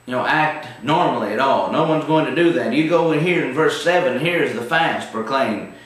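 A man's voice: mid-range voice, moderate pace, fairly bright tone. Man teaching the bible, folksy and emphatic, mic far away in a big echo. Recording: very echoey room, distant mic.

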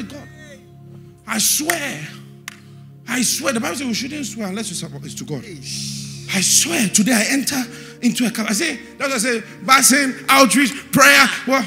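A very high-pitched man with a Ghanaian English accent preaches a sermon in church. He keeps repeating verse references and swings between quiet asides and shouted, sing-song emphasis.

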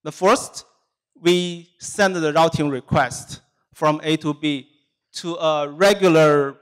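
Clear-voiced man giving a tech talk. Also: fairly high pitch, slow pace. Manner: steady, methodical explaining. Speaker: software engineer presenting at a tech meetup. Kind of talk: technical presentation. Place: meetup presentation room.

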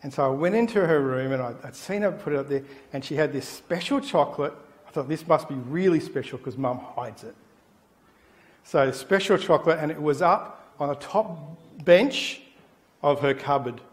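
Pastor telling a lively story. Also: male voice, on the high side, moderate pace. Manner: animated storytelling, acting out the people in his anecdote. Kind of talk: sermon. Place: church.

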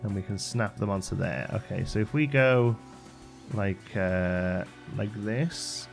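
Chatty low-voiced male gaming host. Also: slow pace, gravelly, soft background music. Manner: chatty, thinks aloud with fillers. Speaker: game channel host. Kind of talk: game playthrough commentary.

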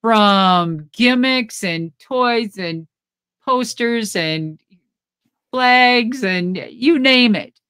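A middle-aged woman, a former pro wrestler, telling stories in a casual interview with blunt, profane, animated talk and frequent laughs. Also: fairly high pitch, drawn-out words, clear, resonant tone, no room sound, clean studio sound.

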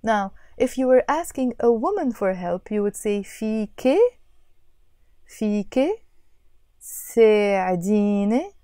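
Patient woman teaching, mellow voice. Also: mid-range voice, clear, resonant tone, no echo, studio quality. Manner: patient, repeats phrases slowly. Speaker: language teacher. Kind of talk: explanatory language lesson.

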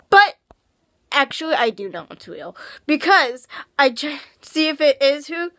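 High bright girl vlogging, rambly, gets super excited, dry close mic. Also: moderate pace, dry recording. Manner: excitable, gushing, shrieks when thrilled; rambling with many restarts. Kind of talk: casual vlog chat.

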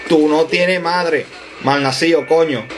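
A man's voice: a little high, fairly even intonation, normal speed, over music, lightly acted. A man voicing a crude, hot-headed male gamer who curses his teammates in a put-on Latin American Spanish. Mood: grumbling, cursing. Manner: cursing, insulting teammates in Spanish slang.

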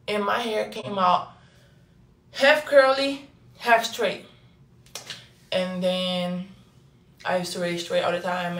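A young woman from Brazil with a Brazilian Portuguese accent, telling loose, slangy stories in a casual livestream and reading the chat, swinging between loud bursts and low murmurs. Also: recorded from a distance. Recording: echoey room with faint music.

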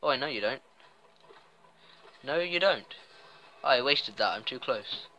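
A man's voice: mid-range voice, lively intonation, measured pace, sharp tone, lo-fi sound. A man giving casual let's-play commentary, chatty and self-mocking as he rambles. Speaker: gameplay commentator.

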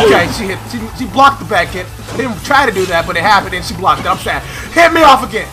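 A young man with a very high voice talks over a video game, bouncing his pitch all over. He trash-talks loudly and keeps breaking into shouts and laughter while game music plays clearly behind him. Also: animated, quick pace, few pauses. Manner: loud, trash-talking, frequent shouting and laughing. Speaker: gaming commentator. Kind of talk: excitable gameplay commentary.

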